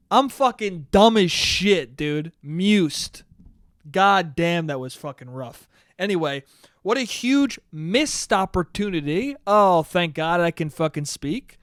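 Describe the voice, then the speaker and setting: A man's voice: high voice, fairly bright tone, no echo, studio quality. A young man hosting a solo podcast, rambling casually and profanely with self-mocking asides. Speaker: podcast host.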